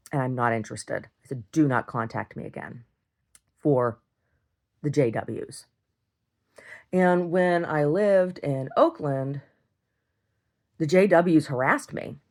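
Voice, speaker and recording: A woman's voice: low-pitched, darkish tone. A middle-aged woman telling a story in a casual video diary, rambling, restarting and repeating words, and swearing when heated. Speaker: video diarist.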